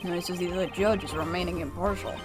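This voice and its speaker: A woman's voice: lowish voice, fairly even intonation, brisk, pitched below the performer's own voice, close to an everyday voice. A woman reading as an earnest young lawyer. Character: young male defense attorney, earnest. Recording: game music playing behind.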